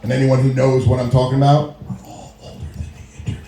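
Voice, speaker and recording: A man's voice: mid-range voice, completely flat delivery, moderate pace, vocal fry, dark tone. A middle-aged male comedian doing a stand-up set, telling long stories, laughing at his own lines and acting out quotes. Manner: storytelling with frequent laughs and acted-out quotes. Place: small comedy venue. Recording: echoey room recording.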